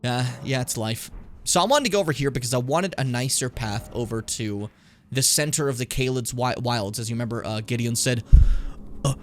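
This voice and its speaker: A man of medium pitch speaks briskly, a bit of hiss or hum audible, while streaming a game with a co-host. He keeps the talk casual and lively, joking around, swearing, and doing silly voices.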